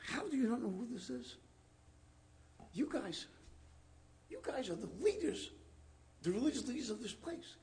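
A male preacher with a rather high voice full of gravel and rasp, delivering a conversational sermon. He reads scripture aloud and keeps turning to the congregation with rhetorical questions. His voice sounds worn and husky throughout. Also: very animated, normal speed, long pauses, a little mellow. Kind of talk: sermon with Bible reading.

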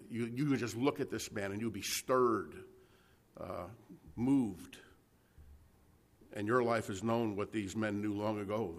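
A man preaching a conversational sermon, reading scripture aloud and explaining it to a live congregation. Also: lowish voice. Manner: conversational Bible teaching, frequent restarts and "right?" checks.

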